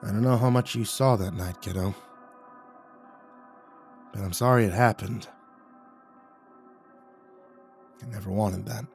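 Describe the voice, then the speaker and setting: This is a gruff old rural uncle, put on by a male storyteller, hard-edged and tired of life. He drawls slow and low, his grammar rough and countrified, with a weight of old regret. A faint music bed runs underneath. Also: steady tone, close to an everyday voice. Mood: regretful.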